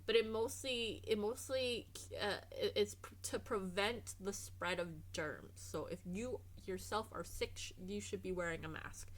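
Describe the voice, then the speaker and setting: A woman's voice: medium pitch, unhurried, hardly any pauses. A woman streamer chatting casually over gameplay, rambling and trailing off into restarts.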